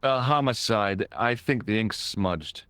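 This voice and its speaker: An actor playing an earnest young American tourist hero with an American accent, in classic 1990s game-hero style. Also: male voice, on the low side, a little slow, fairly bright tone, dry recording. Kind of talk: video game voice acting.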